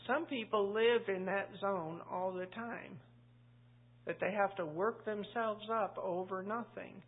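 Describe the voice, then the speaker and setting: A woman pastor leads a Bible study in a relaxed, chatty way and keeps drifting into little stories and asides. Her voice is gravelly and husky. The sound is thin and tinny, like a phone line. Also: mid-range voice, a little slow. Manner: chatty and anecdotal, full of asides. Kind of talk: conversational Bible study teaching.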